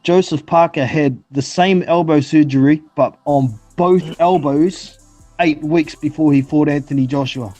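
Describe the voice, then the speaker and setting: A man's voice: a little high, unhurried, darkish tone, dry recording, soft background music. A man chatting casually about fights as a panelist, blunt and swearing freely, with hesitant fillers. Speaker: podcast panelist. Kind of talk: casual boxing chat.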